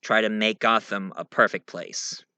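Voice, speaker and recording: A man doing a brooding, quiet masked vigilante. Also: fairly even intonation, measured pace, clean tone, no room sound, heavily acted. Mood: grim. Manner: low, quiet, serious. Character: brooding masked male vigilante, grim and serious.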